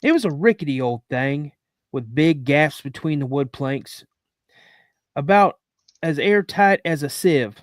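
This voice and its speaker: Joking middle-aged man hosting, higher voice. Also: lively intonation, measured pace, no room sound, studio quality. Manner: rambling, joking, restarts sentences. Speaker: podcast host. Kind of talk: casual chat and reading a listener's story aloud.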